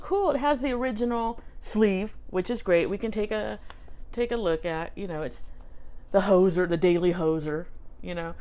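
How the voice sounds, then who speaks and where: A woman hosting a casual vlog at home, rambling and chatty, often laughing as she talks. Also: on the low side. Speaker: vlog host showing records. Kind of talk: casual chat. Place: home near a railway.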